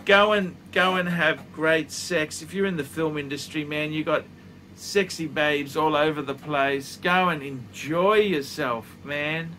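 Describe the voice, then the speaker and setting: A man's voice: a little high, steady tone, a little slow, pushed and bright, slight background noise. A man in his fifties giving blunt, profane, emphatic advice, talking casually in his office studio. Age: 50s. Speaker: watch reviewer.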